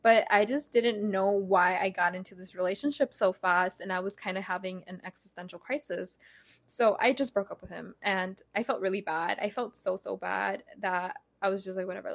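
A woman in her twenties hosting a casual solo podcast, candid and chatty, swearing freely and using lots of fillers. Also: medium pitch. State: out of breath. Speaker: podcast host. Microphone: podcast mic, partly faulty.

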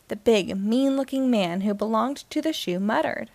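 A woman hosting and reading a children's book aloud in a slow, expressive way. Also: a little high, gravelly, no echo. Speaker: host and reader.

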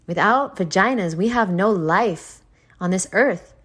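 A woman's voice: medium pitch, lively intonation, unhurried, a bit bright, husky. A young woman hosting a podcast, chatting in a confiding way, swearing freely and filling her talk with "like". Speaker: podcast host. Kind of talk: casual confessional chat.

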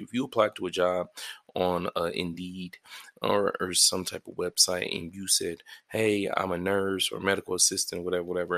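Sleepy, gravelly, low-voiced man. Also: a bit bright. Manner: rambling, profane and self-deprecating. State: sleepy, yawning early in the morning. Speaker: podcast host and stand-up comedian. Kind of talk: casual solo podcast monologue. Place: his apartment.

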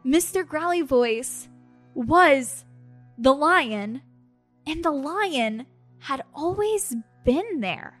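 A woman on a podcast, casually telling a personal story with animated asides and acted-out quotes. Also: high voice, extremely slow, soft background music. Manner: animated storytelling, acts out her own quotes with laughs. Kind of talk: casual chat.

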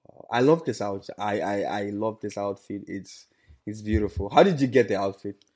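A man's voice: on the low side, normal speed, a little mellow. A man hosting a casual interview, often repeating his guest's words and chiming in with agreement. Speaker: host.

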